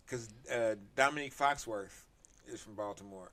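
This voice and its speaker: A man co-hosting a casual sports talk stream, laid-back and quick to mimic people. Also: fairly low pitch, expressive. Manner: laid-back, slips into goofy impressions. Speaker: podcast co-host.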